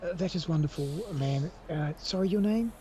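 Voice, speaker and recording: A man's voice: a little high, moderate pace, dark tone, slight background noise, low-quality recording. A man playing a tabletop game, speaking in character in a formal, officious way. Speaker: tabletop player. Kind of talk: in-character role-play.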